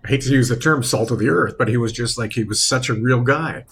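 A man chatting on a radio show, telling stories in a halting, reflective way with many restarts. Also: medium pitch, a bit bright, a little hiss or hum. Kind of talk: casual radio chat.

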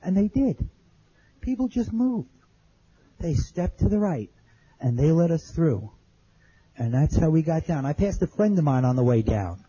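A man's voice: fairly high pitch, very animated, measured pace, long pauses, mellow, husky, highs cut off. A man telling an audience his survival story in plain, earnest words, repeating phrases as he remembers. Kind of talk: spoken testimony to an audience.

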